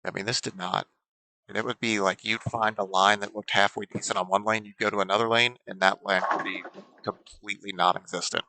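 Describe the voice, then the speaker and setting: Bright, gravelly bowling commentator man. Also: on the low side, brisk, a little hiss or hum, rough recording. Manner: steady, explanatory, with frequent ums. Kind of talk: play-by-play sports commentary.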